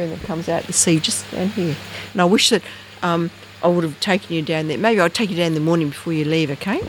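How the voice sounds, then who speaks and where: Middle-aged woman, storyteller, lively and expressive, high squeaky jumps for quoted voices, faint noise outdoors. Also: low-quality recording. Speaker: guest storyteller. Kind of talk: casual outdoor chat. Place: outdoors at night in bush.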